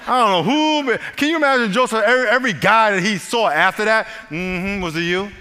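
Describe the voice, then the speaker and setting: Older male pastor, bright voice, animated sermon storyteller, big echoing hall. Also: sits high, quick pace, clean tone.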